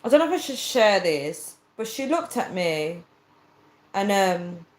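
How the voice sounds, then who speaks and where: Woman chatting on a livestream, retelling a convo with all the voices, mid pitch, echoey room sound. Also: sing-song, a little slow. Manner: chatty storyteller acting out quoted dialogue, earnest. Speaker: livestreamer reading viewer comments. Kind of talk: casual livestream chat. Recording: roomy echo.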